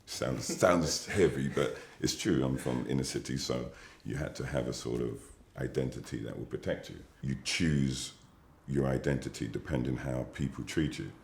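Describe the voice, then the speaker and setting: An English man being interviewed, talking in a measured, musing way with pauses and fillers. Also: very deep voice, gravelly, echoey room. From England. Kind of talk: reflective interview talk.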